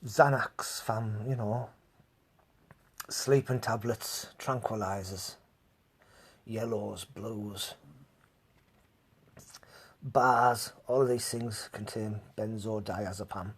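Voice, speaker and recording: A man's voice: on the low side, fairly even intonation, slow pace, long pauses, breathy edge. A man hosting a live stream, telling rambling stories to his chat, laughing often and swearing freely. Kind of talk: casual storytelling to live chat.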